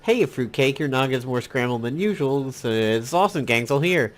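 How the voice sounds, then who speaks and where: A man's voice: mid-range voice, animated, brisk, close to an everyday voice. A man reading a giddy, unhinged female comic villain in a raised, teasing voice while playing a game. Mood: mocking, gleeful. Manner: bubbly, mischievous, teasing.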